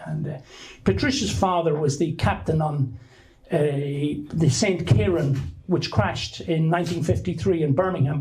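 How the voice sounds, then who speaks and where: A man's voice: on the high side, darkish tone, poor audio. A middle-aged Irish man telling a rambling, anecdotal story to an audience at a book launch, often restarting his sentences. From Ireland. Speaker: author giving a talk.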